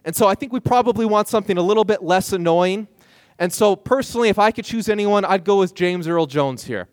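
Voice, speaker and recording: A pastor with a notably high voice preaches, drawing his listeners into the story with lively, playful asides. The sound is dry and close, with almost no room around it. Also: dry recording. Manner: animated, playful asides to the congregation. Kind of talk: sermon storytelling.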